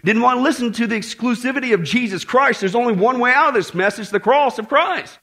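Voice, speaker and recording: A man preaching a sermon to a congregation, emphatic and animated, with joking asides and repeated warnings. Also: very high voice, fast talker.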